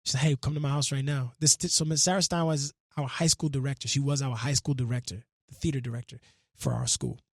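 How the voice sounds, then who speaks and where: A man, telling his life story as a guest in a radio studio, animated and full of casual slang, acting out the voices of people he quotes. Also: mid-range voice, quick pace, no room sound. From Brooklyn, New York. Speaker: musician and actor guest.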